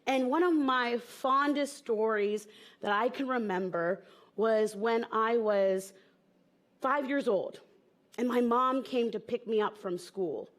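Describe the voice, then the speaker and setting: Woman, stage improv storyteller, high voice, slow playful delivery. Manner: chatty and playful, with frequent "like" fillers. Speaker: improv comedian.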